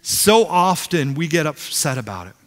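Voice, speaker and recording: A middle-aged pastor preaches a sermon in a large church sanctuary, his slightly high voice moving at a moderate pace with a long hall reverb. He's an animated storyteller who acts out quotes and pokes fun at himself with humor.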